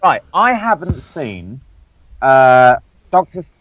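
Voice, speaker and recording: A man's voice: medium pitch, sing-song, dry recording, dull audio. A young man, guest hosting a casual podcast chat, joking, swearing and laughing easily. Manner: jokey, swears, quick to laugh. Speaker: guest host.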